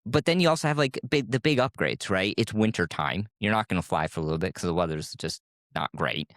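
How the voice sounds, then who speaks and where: A podcast co-host from West Michigan explains things casually in bursts, often tagging on "right?". He has a low, deep voice. The sound is dry and close. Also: a little fast, a bit bright, no echo. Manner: explains in bursts, tag questions. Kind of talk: casual chat.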